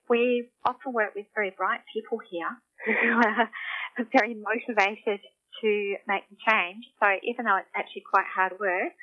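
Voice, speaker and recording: Lady expert explaining stuff plainly, thin phone-line audio. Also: medium pitch. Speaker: speech pathologist. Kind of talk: interview answers.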